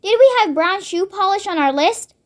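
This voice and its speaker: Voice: very high-pitched, lively intonation, moderate pace. A child reading a storybook aloud, voicing an inventive young boy who talks in a thoughtful, coaxing way.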